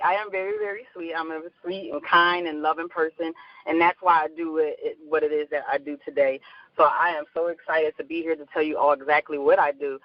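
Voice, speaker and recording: A woman's voice: deep voice, no room sound. Bubbly Philadelphia-accented woman on a lo-fi call. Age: middle-aged. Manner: bubbly, chatty, laughs often, repeats herself. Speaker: guest, life coach. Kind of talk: casual interview talk.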